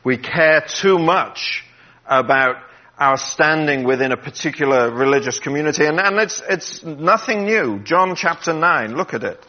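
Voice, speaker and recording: Earnest preacher guy giving a sermon, goes soft and hushed on the quotes, dull lo-fi audio. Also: a little high, lively intonation, normal speed. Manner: earnest, drops to a hush when quoting, gets emotional.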